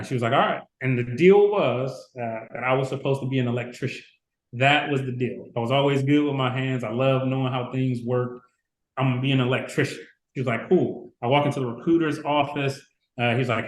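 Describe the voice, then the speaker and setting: A man in his forties from Chicago, telling stories as a podcast guest and acting out the people he quotes. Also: medium pitch. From Chicago, USA. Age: 40s. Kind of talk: casual storytelling interview. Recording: roomy echo.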